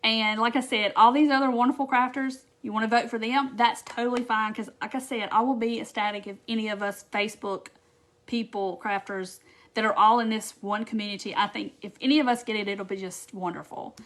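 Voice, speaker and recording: A woman's voice: a little high, fairly even intonation, brisk, fairly bright tone. A woman hosting a casual craft live stream, chatting to viewers in a bubbly way with lots of fillers. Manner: chatty and bubbly, with frequent fillers and quoted asides.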